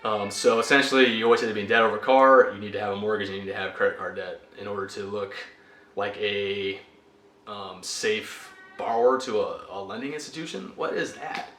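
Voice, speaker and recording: Young man venting in a personal vlog, bright and fed up, roomy sound. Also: on the low side, steady tone, a little fast. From United States. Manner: exasperated, ranting. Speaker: vlogger. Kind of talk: frustrated personal rant. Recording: echoey room.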